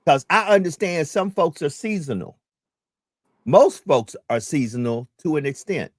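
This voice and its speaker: A man's voice: a little high, lively intonation, a little slow, no echo, clean studio sound. A man hosting a community talk radio show, speaking in an emphatic, preacherly way and repeating his key points.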